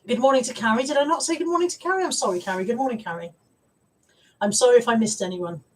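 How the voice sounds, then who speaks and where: A woman's voice: a little high, fast talker, recorded from a distance, poor audio. A woman hosting a casual live stream, chatty and rambling as she greets viewers. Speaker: live-stream host and reseller.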